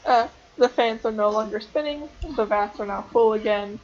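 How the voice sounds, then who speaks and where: A woman's voice: a little high, moderate pace, lo-fi sound. A young woman narrating as game master for a tabletop game, hesitant and full of ums and restarts.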